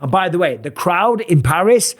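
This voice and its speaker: A middle-aged man, a fight commentator, previewing upcoming bouts in a casual, blunt, animated way, swearing now and then. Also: high-pitched, normal speed. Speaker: MMA commentator and show host.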